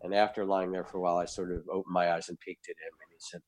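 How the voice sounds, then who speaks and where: An older man, a guest, telling a personal anecdote in an animated way and acting out the scenes. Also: low-pitched, fast, few pauses. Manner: animated storyteller, acts out scenes. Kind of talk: anecdotal storytelling.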